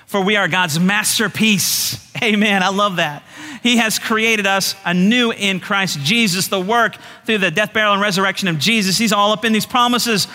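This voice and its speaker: A middle-aged male pastor preaching a sermon in an animated, folksy way, laughing often. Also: high-pitched, long reverb tail.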